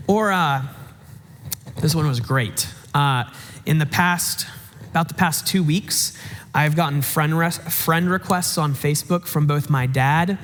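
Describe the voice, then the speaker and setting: High-voiced young man preaching casually. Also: a bit bright, slight background noise. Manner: casual, conversational preaching with many fillers. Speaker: pastor. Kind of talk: sermon. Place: church sanctuary. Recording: long church hall reverb.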